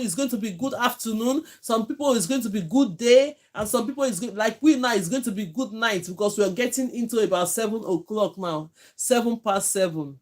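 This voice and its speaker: A woman from Nigeria with a Nigerian accent, teaching hair braiding on a live stream from home, chatting and thanking viewers by name. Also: on the high side. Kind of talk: live-stream tutorial chat.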